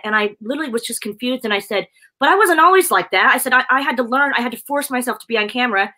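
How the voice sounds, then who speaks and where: A woman's voice: high voice, animated, rapid-fire, sharp tone. A woman presenter chatting effusively in a casual video interview, laughing often. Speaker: presenter and guest.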